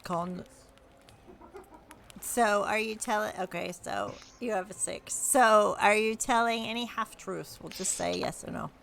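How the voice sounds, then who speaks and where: A woman dungeon master running a tabletop game, speaking slowly and calmly with a gravelly, fry-laced voice. A faint hum of room ambience sits behind her. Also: mid-range voice. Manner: relaxed, unhurried, explaining rules.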